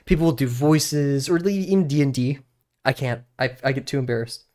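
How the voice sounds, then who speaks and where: A man's voice: medium pitch, fairly quick, darkish tone. Rambling young man chatting on stream. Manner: rambling, self-deprecating, laughs often. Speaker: drawing streamer. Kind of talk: casual stream chat.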